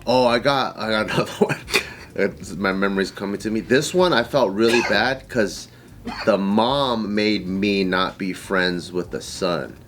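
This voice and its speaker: A man's voice: a little slow, slight background noise. A man co-hosting a casual chat, telling a story and acting out the people in it. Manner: animated, acts out quotes in high voices. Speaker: podcast co-host.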